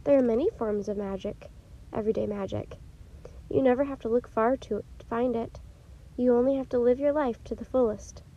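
A woman reading aloud who voices a gentle, wise enchantress in a calm, measured way, softly and a little solemnly. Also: a little high, dull audio.

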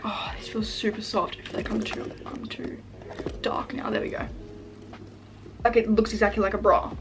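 A young woman vlogger chatting casually while unboxing packages at home, gushing and excitable, full of "like" fillers. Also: medium pitch. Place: room at home. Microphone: camera set up in front of her.

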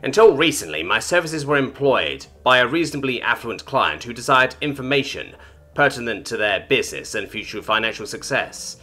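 A man's voice: mid-range voice, big pitch swings, brisk, pushed and bright, soft background music. A man voicing a haughty, cold female alien information broker in a storybook reading, with clipped, formal, disdainful speech.

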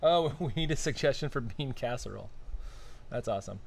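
A man's voice: medium pitch, lively intonation, brisk, vocal fry. A man co-hosting a casual live-stream chat, musing aloud and often trailing off and restarting. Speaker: podcast co-host.

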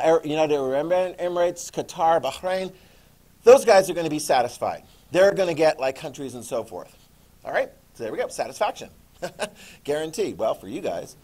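Man, teacher, classroom lecture, fairly high voice, lively, asks the class questions. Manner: lively, keeps checking in with "okay?" and questions.

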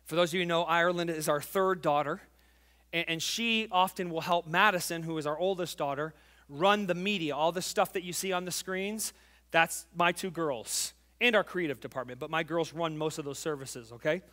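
A man in his forties preaching a sermon as pastor, fervent and emphatic, telling a family story and dropping to quiet intimacy. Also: a little high, moderate pace. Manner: tells a family story, acting out the voices.

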